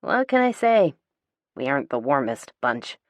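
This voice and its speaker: A woman narrating a first-person audiobook in a wry, sardonic manner, leaning on deliberate emphasis. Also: very deep voice, sing-song, no echo, clean studio sound.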